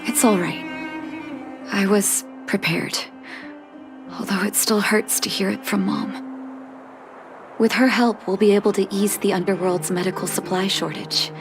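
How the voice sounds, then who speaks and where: An actress voicing a calm, caring young woman doctor in a game cutscene, speaking in a measured way. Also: medium pitch, music in the background, close to an everyday voice. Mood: reflective. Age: young adult.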